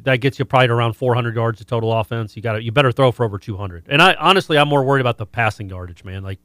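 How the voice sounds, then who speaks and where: A man's voice: mid-range voice, very fast, a bit bright, no room sound, clean studio sound. A man with a Southern American accent, co-hosting a casual sports talk radio show in a joking way.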